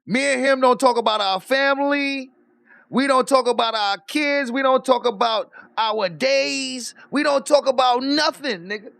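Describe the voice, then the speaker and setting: A man with a high, gravelly voice tells a story in a loose, profane rant, animated and quick to laugh. The sound is dry and close, with no room around it. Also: no room sound. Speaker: streamer. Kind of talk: casual rant.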